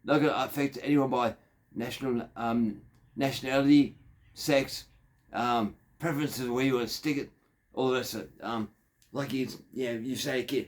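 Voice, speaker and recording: A man's voice: medium pitch, steady tone, normal speed. A man in his fifties with an Australian accent, telling a crude, digressive story in a rambling monologue. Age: 50s. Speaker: factory worker.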